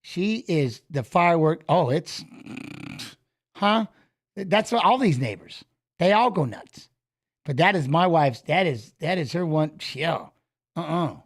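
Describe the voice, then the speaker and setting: Animated high-voiced man swearing through a story. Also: a little slow, pauses often. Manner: animated, profane retelling of an argument. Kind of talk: casual storytelling, watch-along chat.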